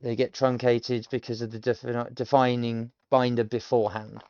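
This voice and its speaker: A man's voice: mid-range voice, little pitch movement, normal speed, a little mellow, no room sound, lo-fi sound. A British man in his thirties, a self-taught learner casually thinking aloud and explaining pronunciation, rambling with many ums. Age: 30s. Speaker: language learner streamer. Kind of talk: casual self-study commentary.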